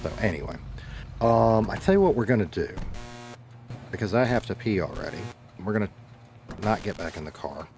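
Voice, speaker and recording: A man's voice: on the low side, big pitch swings, brisk, pauses often, a little mellow, soft background music. Laid-back Southern man chatting. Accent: American Southern. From Southern United States. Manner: laid-back, rambling, swears casually. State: dehydrated. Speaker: streamer. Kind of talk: casual chat with stream chat.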